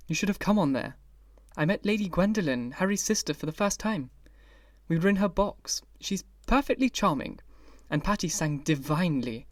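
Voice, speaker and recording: A man reading the part of a vain, bored young gentleman in an audiobook, languid and then shrill in protest. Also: no room sound, clean studio sound, distant mic, close to an everyday voice.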